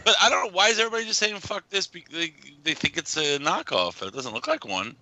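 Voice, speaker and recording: A man on a casual podcast, joking and quick to cut in. His voice is lively and very bright, with faint noise behind it. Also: high-pitched. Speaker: podcast co-host.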